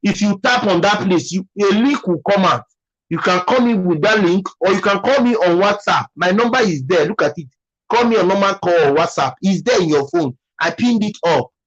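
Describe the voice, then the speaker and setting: A man's voice: sits high, animated, normal speed, fairly bright tone, slightly rough, highs cut off. A man with a Nigerian accent hosting a casual live stream, musing aloud and thanking viewers by name.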